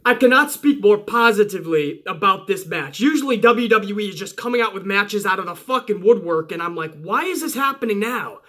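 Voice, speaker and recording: A young man reviewing a wrestling show in casual, excited commentary, emphatic and full of swearing. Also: high voice, fairly quick, hardly any pauses. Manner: profane, emphatic, hype-driven.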